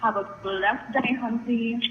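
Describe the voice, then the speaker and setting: A woman's voice: fairly high pitch, fairly even intonation, measured pace, a little hiss or hum. Sassy young woman leaving a joke voicemail. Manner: playful, sassy, over-the-top. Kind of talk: joking voicemail message. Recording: echoey muffled voicemail recording.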